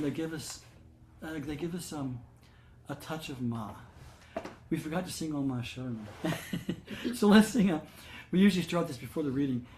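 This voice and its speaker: An older man with a slightly high voice tells devotional stories to a gathering. He speaks gently and unhurriedly, pausing on fillers and starting sentences again. The sound has the echo of a roomy space. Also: a little hiss or hum. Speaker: satsang leader. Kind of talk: devotional storytelling talk.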